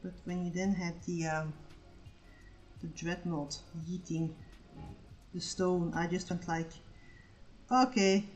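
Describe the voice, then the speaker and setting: A woman's voice: on the low side, little pitch movement, slow, pauses often, darkish tone, faint music behind, poor audio. A woman in her forties chatting casually on an art stream while she paints. She rambles and swears freely.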